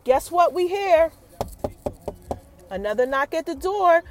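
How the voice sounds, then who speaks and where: A woman hosting a podcast and recapping a TV episode in a casual, chatty way. She talks straight to her listeners and fills her retelling with quick asides. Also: extremely high pitch, very animated, noisy background.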